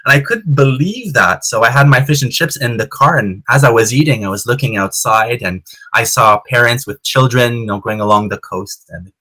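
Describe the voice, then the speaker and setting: A man's voice: medium pitch, a little fast, pushed and bright. A man chatting as an interview guest over a video call, telling stories with easy laughs and repeated words. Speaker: interview guest, clan society founder. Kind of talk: casual storytelling interview. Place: home in Canada.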